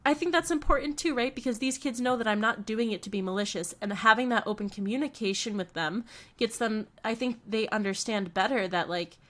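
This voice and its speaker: A woman's voice: on the high side, fairly quick, a bit bright. Chatty woman telling stories on a podcast. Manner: rambling storytelling, lots of "like" fillers. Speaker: podcast co-host; nanny and behavior technician. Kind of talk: casual podcast chat.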